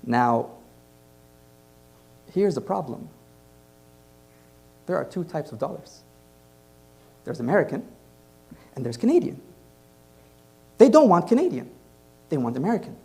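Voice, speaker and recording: Male comic and host from Egypt, lively delivery, slightly high voice, acts out characters. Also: unhurried, vocal fry, long pauses. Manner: animated, acts out other voices. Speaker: comedian and host. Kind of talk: stand-up storytelling. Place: comedy club stage.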